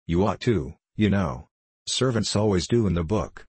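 A man's voice: low-pitched, expressive, moderate pace, darkish tone, breathy edge, no echo, full character voice. A man voicing a proud, impulsive little girl who talks in a lofty, bossy way, from a storybook. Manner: lofty, bossy play-acting.

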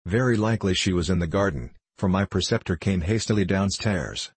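A man reads aloud as a young prisoner recalling his boyhood, his very low, husky voice keeping a measured, even storytelling pace. This grave audiobook reading is recorded dry and close, with no room sound.

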